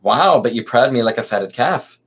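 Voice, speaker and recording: A man voicing a sturdy Spartan woman, reading her old dialect words slowly and carefully, sometimes stumbling. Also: mid-range voice, animated, breathy edge. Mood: hearty. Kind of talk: amateur play reading.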